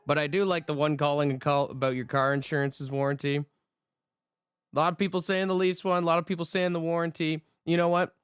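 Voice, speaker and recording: A man's voice: a little high, little pitch movement, fairly quick, clear, resonant tone, no room sound, clean studio sound, faint music behind. A man hosting a morning radio show, chatting casually and joking with callers. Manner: joking, laid-back banter.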